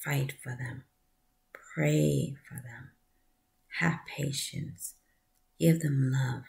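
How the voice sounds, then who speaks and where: A woman giving a heartfelt personal testimony, speaking softly and often dropping to a breathy near-whisper, with earnest appeals to the listener. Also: very deep voice, fairly even intonation, very slow. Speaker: vlogger sharing a personal story.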